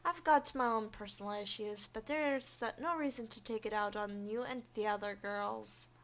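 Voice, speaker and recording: Woman doing a flat, weary young coworker. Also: medium pitch, moderate pace, highs cut off, close to an everyday voice. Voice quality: flat monotone.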